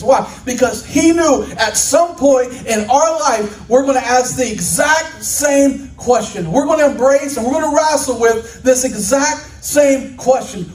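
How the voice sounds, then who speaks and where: High-voiced pastor preaching, folksy, sounds far off in a big echoey sanctuary. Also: male voice, lively intonation, measured pace, darkish tone, faint music behind. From Oklahoma. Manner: folksy storytelling with rising preacher intensity. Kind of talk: sermon.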